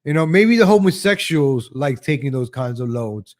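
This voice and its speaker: A man's voice: mid-range voice, expressive, moderate pace. A man whose first language is Spanish, hosting an opinion commentary show in a ranting, sarcastic, emphatic way. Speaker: show host.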